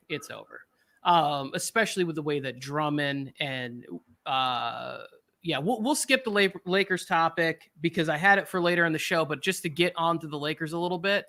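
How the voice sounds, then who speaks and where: A man hosting a sports podcast, talking in an animated, jokey way and slipping into quick impressions. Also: fairly high pitch. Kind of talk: casual sports talk.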